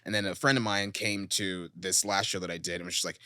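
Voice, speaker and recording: A man talks fast on a podcast, with a slightly low but bright, forward voice. He tells stories in bursts and acts out what people said. The sound is dry and close to the mic. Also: dry recording. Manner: fast, animated storytelling with acted-out quotes. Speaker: comedian guest. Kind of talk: casual podcast chat.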